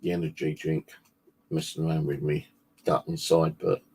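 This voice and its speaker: A man's voice: rumbling low, little pitch movement, moderate pace, mellow, husky. A man casually rambling on a livestream, swearing freely and chatting loosely as the channel host.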